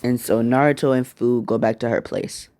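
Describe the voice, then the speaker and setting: A man's voice: mid-range voice, fairly even intonation, normal speed, dark tone, a little hiss or hum. A man casually narrating a fan-made story, crude and rambling, correcting himself as he goes.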